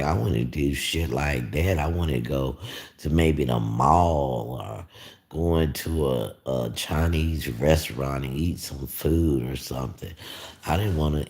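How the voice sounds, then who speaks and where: This YouTuber's voice rumbles low with a darkish tone. Chatting loosely on his livestream, he wanders from point to point, packing in fillers and swearing without restraint.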